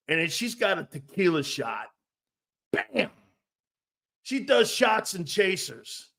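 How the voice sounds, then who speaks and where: Guy rambling on a sports talk show, slow drawl, laughs a lot, kinda profane. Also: high-pitched, sharp tone. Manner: rambling, joking, laughs often; blunt, profane.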